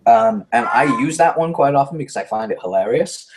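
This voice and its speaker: A man talking fast and brashly as a guest in a casual interview, animated and self-mocking. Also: medium pitch, background noise.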